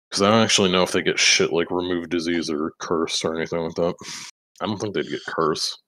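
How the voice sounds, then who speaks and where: During a tabletop role-playing game, a deep-voiced man speaks briskly with fairly even intonation and a bit of brightness. His casual chat drifts in and out of character, rambling, heavy on swearing, with laughs between lines.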